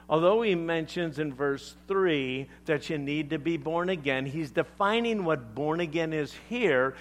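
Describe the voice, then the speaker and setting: A man preaching a sermon as pastor, emphatic and animated, leaning on deliberate pauses. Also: on the high side, a little hiss or hum.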